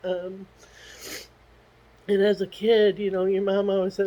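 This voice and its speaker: A tearful middle-aged woman talking haltingly through a personal video diary, with many pauses and restarts. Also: medium pitch, level tone, mellow, poor audio. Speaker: vlogger.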